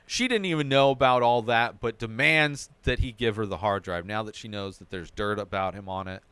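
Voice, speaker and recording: Smooth-voiced man recapping a TV episode. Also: on the low side, normal speed, hardly any pauses, a bit bright, no room sound. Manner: narrates plot in a run-on way, often adding "right?". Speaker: podcast host recapping a TV episode.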